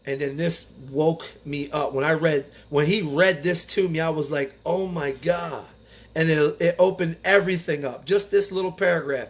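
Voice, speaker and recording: High-voiced earnest man reading aloud. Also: normal speed. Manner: casual and earnest, drops in "man" and "like". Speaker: recovery speaker reading the Big Book. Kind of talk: reading aloud with personal commentary.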